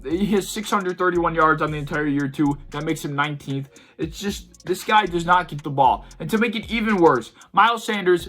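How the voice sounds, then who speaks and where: This young man's voice is a little high, bright, and forceful as he hosts a sports video. His commentary is a heated, profane rant full of repeated exasperation.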